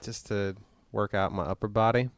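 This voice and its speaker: Man, podcast co-host, clear smooth voice, dry headset sound, playful riffing. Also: lowish voice, steady tone, dry recording. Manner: playful, quick to riff on jokes. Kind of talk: casual comedic chat.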